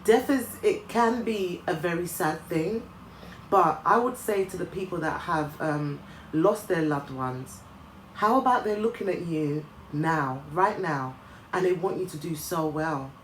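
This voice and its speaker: Earnest woman vlogger, low voice, echoey room. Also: measured pace. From Nigeria. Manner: earnest, with frequent restarts and ums. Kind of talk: motivational talk to camera. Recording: echoey room, faint ambient noise.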